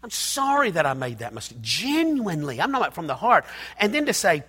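This pastor has a high voice whose pitch swoops wildly, delivered briskly with a bright, forceful, slightly breathy tone. Preaching in a church hall with a big-room sound, he repeats phrases emphatically and calls out to his congregation.

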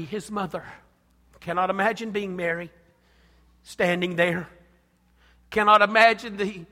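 Passionate guy preaching, high voice, goes quiet then loud, big echoey hall. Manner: impassioned, swinging from hushed to loud. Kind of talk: sermon. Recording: long hall reverb.

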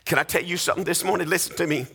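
Pastor guy preaching, raspy gravelly voice, bright and tense, sing-song refrains. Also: a little high, racing. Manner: emphatic preaching with repeated refrains, rising to near-sung cadences. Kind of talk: sermon.

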